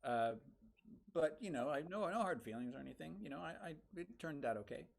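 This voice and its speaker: A man's voice: on the high side, animated, fairly quick, vocal fry. A man playing a tabletop game, speaking in an easygoing, hesitant way with frequent restarts. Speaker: player. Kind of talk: in-character tabletop role-play.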